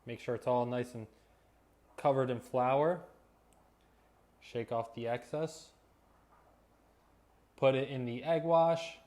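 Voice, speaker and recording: A man's voice: mid-range voice, takes it slowly, pauses often. Easygoing man telling stories while cooking. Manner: relaxed storytelling with jokes. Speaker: cooking vlogger. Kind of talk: casual cooking vlog.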